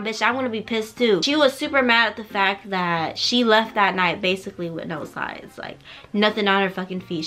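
A young woman in her twenties, a vlogger, tells a casual story at home in a mid-range voice. She's blunt and animated, packing in slang and swearing, but keeps her voice low since it's night and she doesn't want the neighbors to hear.

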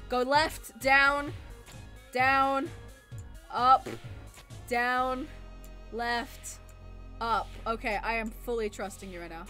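A young woman streaming a video game, excitable and loud, who swears often and keeps squealing and exclaiming. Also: fairly high pitch, slow, pauses often, faint music behind. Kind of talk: live gaming stream commentary.

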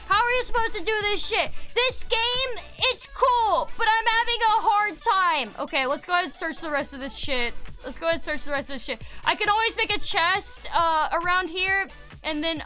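A woman streamer giving excitable live gaming commentary to her chat, swearing and yelling when frustrated. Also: very high-pitched.

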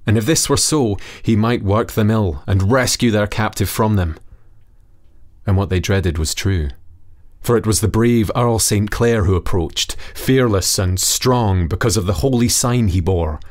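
A man narrating an old fairy tale as storybook reading for listening practice, in a steady, measured way. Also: lowish voice.

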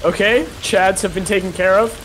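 A man's voice: high-pitched, moderate pace, fairly bright tone, a little hiss or hum. A young man chatting casually and goofily while playing a game, full of slang and laughter. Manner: goofy, slangy, laughing often. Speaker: gaming video host. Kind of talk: casual gaming banter.

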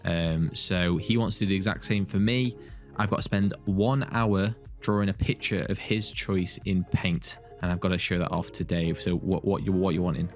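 A man's voice: sits low, fairly even intonation, normal speed, faint music behind. A young man, hosting a gaming video in sweary, jokey banter. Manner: swears freely, jokey, talks to himself while drawing. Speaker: video host.

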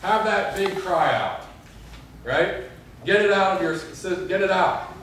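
A man's voice: high voice, slow, fairly bright tone, slight background noise. A young adult man, a pastor, preaching an earnest sermon and telling stories with quoted prayers. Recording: echoey hall, mic far off.

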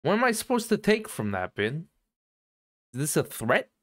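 A man's voice: fairly high pitch, huge pitch swings, normal speed. Rambling, profane young man streamer. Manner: rambling, profane, sings and shouts in bursts. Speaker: game streamer. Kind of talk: casual let's-play commentary. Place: home streaming setup.

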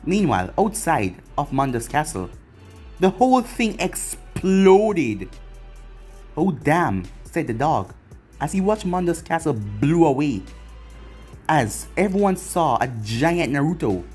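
A narrator reading fan fiction aloud in a plain, steady manner. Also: mid-range voice, measured pace, husky. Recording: faint background music.

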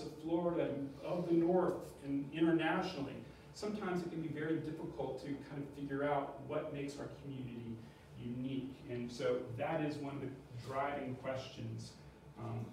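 Man, history professor, explanatory lecture, slightly higher voice, recorded from afar. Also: darkish tone. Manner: explanatory, asks and answers his own questions. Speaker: history professor giving a public talk. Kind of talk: lecture with slides. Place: museum talk room. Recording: very echoey room, distant mic, faint noise.

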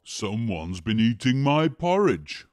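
A woman putting on a deep gruff Daddy Bear. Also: big pitch swings, takes it slowly, darkish tone, heavily acted. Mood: grumbling. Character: big gruff male father bear.

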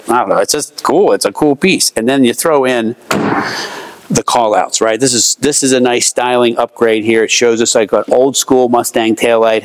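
An enthusiastic man giving a casual, chatty sales walkaround of a car in a showroom, with lots of fillers. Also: medium pitch.

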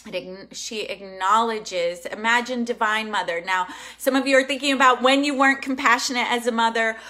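A young woman hosting an online manifesting workshop, talking in an emphatic, excitable and casual way, swearing now and then. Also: a little high, normal speed. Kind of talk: live online workshop teaching.

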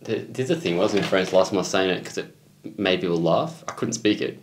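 A young man with an Australian accent, co-hosting a casual reaction show and telling stories in a playful, animated way. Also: low voice, fast, slight background noise. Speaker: reaction channel co-host. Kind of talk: casual banter. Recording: echoey room.

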